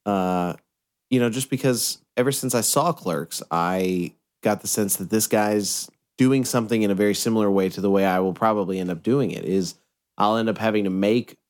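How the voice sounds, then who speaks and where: A man co-hosting a casual podcast, laid-back and joking, high on weed. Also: a little mellow. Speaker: podcast co-host.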